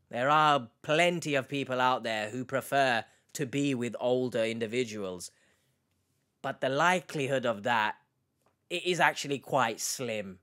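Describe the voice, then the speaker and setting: A man's voice: mid-range voice, fairly bright tone. A man hosting a reaction video, chatting casually to his viewers with rambling restarts and questions for the comments.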